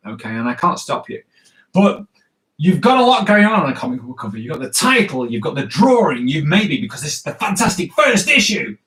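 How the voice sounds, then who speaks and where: A man's voice: fairly high pitch, a bit bright. A man giving a live comic drawing lesson, playful and jokey, talking straight to the viewers as he draws. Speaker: comics teacher.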